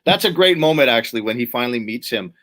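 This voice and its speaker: A man's voice: medium pitch, fast talker. A man guest in a casual chat, telling nostalgic stories and acting out favorite film speeches. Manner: nostalgic, animated storyteller. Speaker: guest, comic writer.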